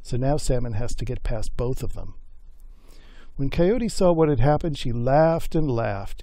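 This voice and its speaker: A male storyteller spinning a folk myth in an easygoing, homespun way. His voice is mellow and relaxed. The recording is dry and close, with no room sound. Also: medium pitch, no room sound. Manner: folksy and unhurried, with voiced characters.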